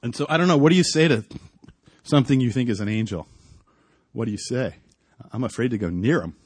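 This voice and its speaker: A middle-aged man preaching outdoors, telling a personal story, swinging between hushed and loud moments. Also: mid-range voice, fairly quick, slightly rough, no echo. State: coughing, clearing throat.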